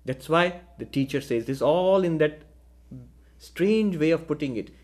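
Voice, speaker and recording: Man giving a measured philosophy lecture. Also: on the high side, expressive, darkish tone. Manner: measured, asks rhetorical questions. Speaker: spiritual teacher.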